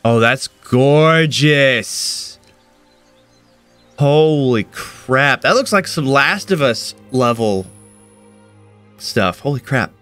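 A man's voice: medium pitch, expressive, extremely slow, long pauses, fairly bright tone, soft background music. A young man gushing and exclaiming as a gaming YouTuber reacting to a trailer.

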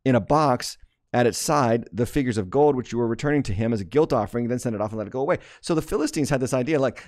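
A man's voice: mid-range voice, animated, fast talker, darkish tone. A man preaching a sermon as pastor, reading scripture aloud and explaining it with frequent restarts and rising emphasis.

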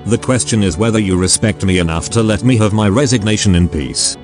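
A man's voice: on the low side, a little fast, music in the background, close to an everyday voice. A man's synthetic text-to-speech voice reading the lines of a bitter male spy agent who is quitting his agency. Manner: flat synthetic delivery.

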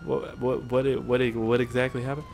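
A man's voice: mid-range voice, little pitch movement, moderate pace, a little mellow, a little hiss or hum. A young man doing casual, profane gameplay commentary, rambling and joking as he plays. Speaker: gaming channel host.

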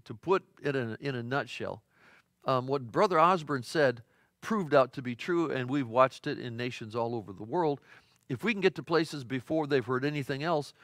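A middle-aged pastor preaching a midweek sermon in a folksy, conversational storytelling way, with frequent fillers and restarts. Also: male voice, medium pitch, fairly bright tone, dry recording, clean studio sound. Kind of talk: sermon teaching.

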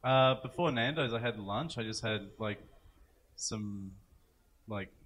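A man's voice: fairly low pitch, takes it slowly, a bit bright. A man on a live comedy podcast, rambling and swearing as he laughs through his stories. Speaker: podcast panelist. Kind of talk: late-night comedy podcast banter.

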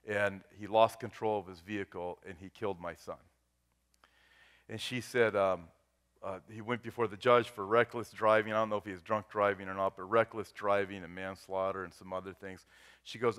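A male pastor preaching a sermon in an earnest way, swinging between loud, rising appeals and quiet, hushed moments. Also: lowish voice, clear, resonant tone. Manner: earnest preaching that swells loud and drops to a hush.

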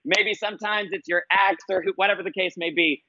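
A man's voice: high voice, steady tone, a little fast, sharp tone, no room sound, lo-fi sound. A man speaking as a life coach guest on a podcast, telling stories in an earnest, emphatic way and repeating his key phrases. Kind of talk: conversational interview storytelling.

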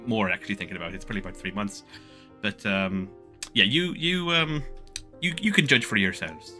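Male game master, very bright tone, animated delivery, rambling restarts. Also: lowish voice, fairly quick, faint music behind. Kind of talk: running a tabletop game.

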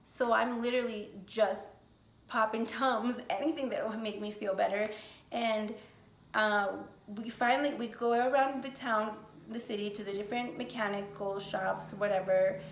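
Gravelly-voiced woman rambling in an echoey room. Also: a little high, steady tone, normal speed. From United States. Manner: rambling, frequent swearing and "like" fillers. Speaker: vlogger. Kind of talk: casual storytime vlog.

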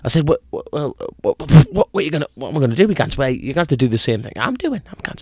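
A man co-hosting a podcast, telling a long joke in a lively, repetitive way. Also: medium pitch, racing, no echo, clean studio sound. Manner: animated storyteller, repeats himself, acts out voices. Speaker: podcast co-host.

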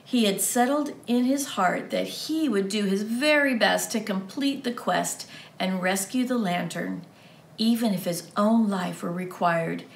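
Slow, expressive woman reading to kids. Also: medium pitch, creaky, reverberant, a little hiss or hum. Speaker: children's ministry teacher. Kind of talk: reading a story aloud to children.

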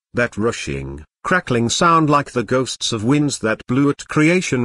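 Husky synthetic male narrator. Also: mid-range voice, no echo. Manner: synthetic, even cadence with odd stresses. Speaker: audiobook narrator. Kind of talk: text-to-speech reading of a novel.

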